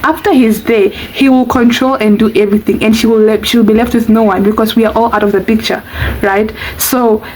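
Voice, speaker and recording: A woman, telling a storytime vlog in an animated, chatty way. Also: a little high, a little fast, slight background noise, poor audio. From Namibia. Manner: animated, chatty, exclamatory asides. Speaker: vlogger.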